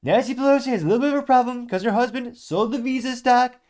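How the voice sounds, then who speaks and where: A man's voice: fast, darkish tone. A man doing a blustering older politician impression. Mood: boastful. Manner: high, strained, self-admittedly bad impression.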